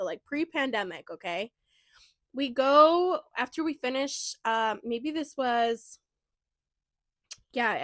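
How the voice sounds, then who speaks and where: A woman in her twenties hosting a podcast, telling stories in a chatty, animated way with many fillers. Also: fairly high pitch, dry recording. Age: 20s. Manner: chatty, animated, lots of "like" and "you know". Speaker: podcast host. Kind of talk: casual storytelling chat.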